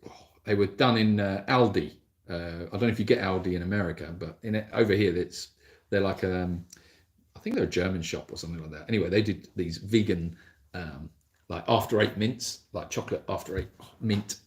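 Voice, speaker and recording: Talking fairly quickly in a low-pitched voice, an animal sanctuary host holds a relaxed livestream Q&A on his mobile phone. He wanders from point to point and is self-deprecating as he responds to viewers' comments.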